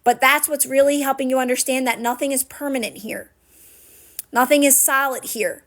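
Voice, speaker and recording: With a high, somewhat bright voice and fairly even intonation, a manifestation coach talks at a normal speed on a live stream. She responds to viewer comments earnestly and encouragingly, peppering her talk with "right?" and "guess what?".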